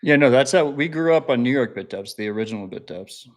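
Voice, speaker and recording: A man's voice: medium pitch, expressive, fast talker. Podcast host guy, mid voice, swears a lot, hypes sponsors, casual. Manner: blunt, profane, enthusiastic.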